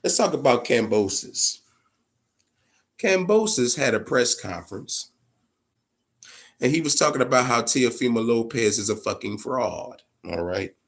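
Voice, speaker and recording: A man's voice: mid-range voice, animated, measured pace, long pauses. Profane, blunt man ranting about boxing. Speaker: boxing commentary vlogger. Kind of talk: casual opinion rant.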